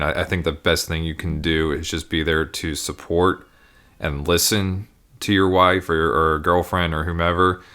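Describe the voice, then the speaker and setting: Deep voiced guy in his 30s on a podcast, supportive, keeps restarting his sentences. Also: fairly bright tone. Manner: supportive, halting with repeated restarts. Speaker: podcast co-host. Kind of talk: casual chat.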